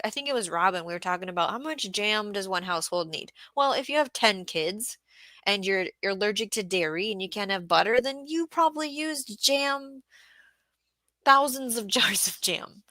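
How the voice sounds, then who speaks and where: Chatty woman with a bright dry voice. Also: medium pitch, no echo. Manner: chatty, reads viewer comments aloud, laughs often. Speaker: livestream host, market gardener. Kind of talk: casual livestream chat.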